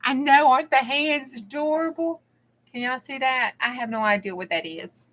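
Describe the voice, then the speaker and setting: A woman's voice: high voice, normal speed, a bit bright. A middle-aged woman with a Southern US accent, chatting casually with her viewers during a crafting stream and laughing often. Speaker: crafting channel host. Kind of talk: casual crafting livestream chat.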